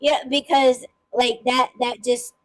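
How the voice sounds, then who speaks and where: A woman's voice: fairly high pitch, little pitch movement, slow, low-quality recording. A woman hosting a casual podcast chat, talking emphatically with frequent restarts and swearing. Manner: emphatic, swearing freely, many repeated restarts. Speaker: podcast host.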